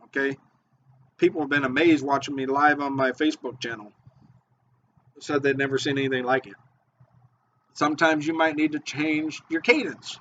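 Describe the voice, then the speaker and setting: Excitable man with muffled lo-fi audio. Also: on the high side, a little hiss or hum. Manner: excitable, repetitive, eager. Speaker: fishing bait maker and charter guide. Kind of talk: casual how-to video talk. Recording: dull lo-fi audio.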